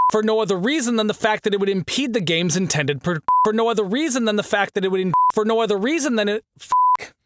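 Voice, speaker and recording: A high-pitched, bright-toned man fumbles through a script and swears at his own mistakes, with a scratchy, sore throat. The sound is dry and close to the mic. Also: no echo. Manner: stumbles over words and curses at himself. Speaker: video essay narrator recording outtakes. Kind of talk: blooper outtakes of a scripted critique.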